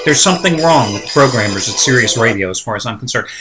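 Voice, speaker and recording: A man's voice: mid-range voice, expressive, fast, over music. A man hosting a sports betting site's daily talk, ranting casually and with strong opinions. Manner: chatty, opinionated ranting with asides. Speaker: sports betting site host. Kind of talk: casual monologue.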